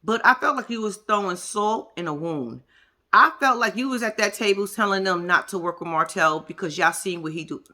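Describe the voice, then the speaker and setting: A woman's voice: mid-range voice, normal speed, pushed and bright. A woman giving a blunt, profane reaction commentary on a reality show, talking straight to her viewers. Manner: addresses viewers directly.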